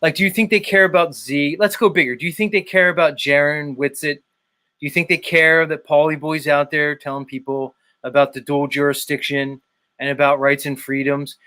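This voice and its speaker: A man's voice: a little high, fairly even intonation, normal speed, pushed and bright. Man, livestream host, casual chat, cusses freely, talks straight to the chat. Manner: loose and profane, talks to the chat.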